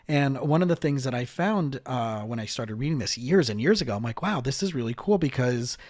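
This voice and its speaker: A man's voice: medium pitch, animated, a little fast, a little mellow, dry recording. Chatty male podcast host, dry sound. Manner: chatty, lots of fillers and restarts. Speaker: podcast host, marriage and family therapist. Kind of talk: casual podcast chat.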